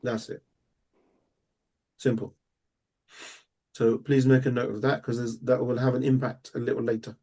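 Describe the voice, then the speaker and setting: A man teaching a live language lesson, explaining step by step and repeating words slowly and patiently. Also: mid-range voice, little pitch movement, mellow. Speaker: Arabic teacher.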